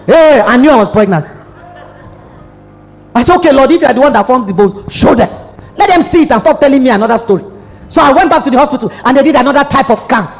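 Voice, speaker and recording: Nigerian woman, pastor, sermon, high lively voice, long hall reverb. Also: fast, pauses often. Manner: animated storytelling with acted-out dialogue.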